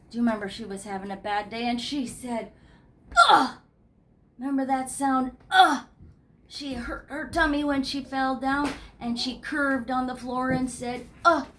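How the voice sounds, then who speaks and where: A woman's voice: fairly high pitch, a little hiss or hum. A woman teaching preschool phonics, telling little stories and making playful sounds and voices for each letter. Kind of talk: storytelling phonics lesson for young children. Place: classroom.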